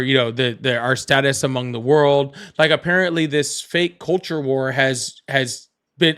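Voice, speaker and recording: A man hosting a casual political call-in livestream, chatty and quick to laugh and banter. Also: fairly high pitch, fairly bright tone. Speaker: livestream host.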